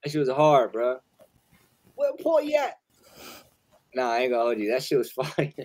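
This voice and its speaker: A man hosting a live music review stream, talking loud and loose with heavy slang and swearing, laughing often. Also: mid-range voice, fast. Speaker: host reviewing submitted music. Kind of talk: casual live-stream chat.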